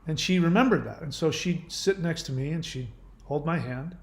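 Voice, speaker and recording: A man hosting his own channel, answering viewer questions in casual, gentle, reassuring advice talk. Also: a little high, normal speed, reverberant.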